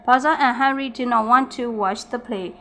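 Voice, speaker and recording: Bright-voiced woman reading a storybook. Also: a little high, slight background noise. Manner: halting, with slips and restarts. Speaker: reader. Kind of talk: reading a graded storybook aloud.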